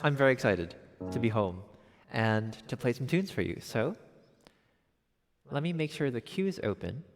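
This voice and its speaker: Chatting casually during a piano livestream from home, this young man from Connecticut, USA, is upbeat and talkative, letting out gleeful exclamations. His voice is medium in pitch with lively intonation and a moderate pace, sounding as if he's in a large hall.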